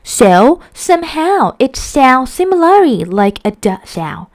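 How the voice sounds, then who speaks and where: A woman teacher narrating a lesson, explaining carefully and slowly, with frequent ums and uhs. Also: high voice, sing-song, rough recording.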